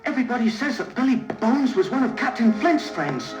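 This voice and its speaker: A man's voice: very high-pitched, sing-song, fairly quick. An actor playing an earnest young boy, the innkeeper's son, on a vintage children's story record. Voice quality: eager, polite. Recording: echoey vintage vinyl with music behind.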